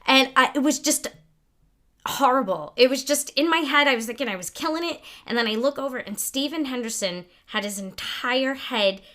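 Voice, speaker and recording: A woman's voice: high-pitched, moderate pace. A woman co-hosting a podcast, telling stories in a casual chat and acting out the people she quotes. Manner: animated, lively storyteller who acts out quotes. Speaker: podcast co-host.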